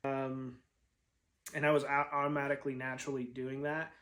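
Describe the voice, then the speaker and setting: Male flute teacher, patient step-by-step explainer, mid-pitched voice. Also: little pitch movement, normal speed, fairly bright tone. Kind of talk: instructional demonstration.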